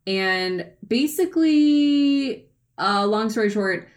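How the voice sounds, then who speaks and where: A woman's voice: medium pitch, lively intonation, slow. A woman casually retelling history on a podcast, rambling with fillers and restarts. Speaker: podcast co-host.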